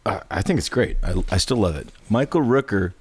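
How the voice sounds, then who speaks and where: A man's voice: fairly low pitch, expressive, fairly quick, slightly rough, no echo. A man hosting a casual podcast, telling rambling, profane stories. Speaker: podcast host.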